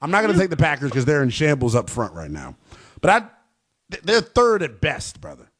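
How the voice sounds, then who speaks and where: A man hosting a call-in sports radio show, brash and animated as he trash-talks teams with callers. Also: on the high side, fairly quick, slightly rough.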